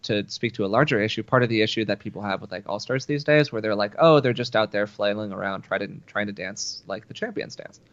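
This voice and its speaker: Low-voiced man explaining things thoughtfully. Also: quick pace, few pauses, no echo, muffled recording. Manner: thoughtful, explanatory, many restarts. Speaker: co-host. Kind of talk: casual podcast chat.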